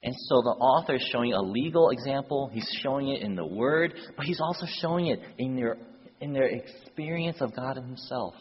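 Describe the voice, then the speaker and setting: A man delivers a sermon, moving from a plain story into urgent, rising appeals to his listeners. His voice is husky and sits in a mid pitch. The sound is muffled, with a long echo from the hall. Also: moderate pace. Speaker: preacher. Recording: dull echoey hall.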